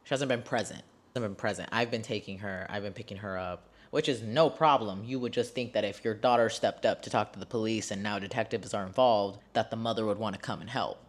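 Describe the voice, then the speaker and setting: A man's voice: fairly low pitch, fairly quick. A man in his twenties telling a personal story to camera, emotional and blunt, swearing often and repeating phrases when worked up. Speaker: vlogger.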